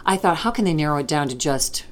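Lively, gushing woman interviewer. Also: sits low, quick pace. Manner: gushing, effusive, exclamatory. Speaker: interview host. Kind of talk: casual interview chat.

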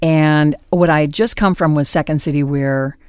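A woman's voice: low voice, normal speed, clean tone, no echo, clean studio sound. A woman hosting a podcast, telling a story with laughs and acting out the people in it. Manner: lively storyteller, acts out quotes. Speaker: podcast host. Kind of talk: anecdotal podcast talk.

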